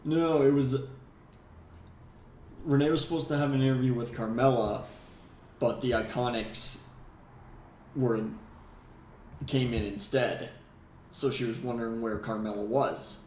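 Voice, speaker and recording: A laid-back man co-hosting a podcast, with a mid-pitched voice, steering the chat from one segment to the next. His voice carries a clear echo from the room. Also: fairly even intonation, measured pace, pauses often, a little mellow, slight background noise. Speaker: podcast co-host. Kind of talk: casual wrestling recap chat. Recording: echoey room.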